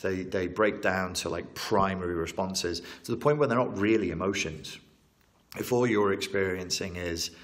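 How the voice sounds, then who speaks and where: Deep-voiced man explaining trauma. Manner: animated, repetitive, emphatic, self-correcting. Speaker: therapist working with trauma. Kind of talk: interview explanation.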